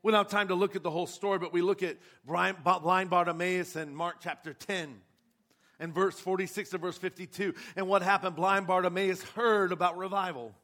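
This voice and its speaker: A man's voice: high-pitched, fairly even intonation, brisk, bright, forceful tone. A man preaching a sermon with passion, asking his congregation rhetorical questions. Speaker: pastor.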